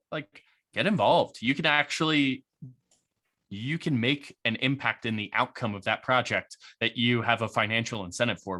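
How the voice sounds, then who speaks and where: A man being interviewed on a podcast, talking casually about his work with plenty of fillers. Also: mid-range voice. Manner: relaxed, chatty, many fillers and likes. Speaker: guest, head of strategy at a crypto firm.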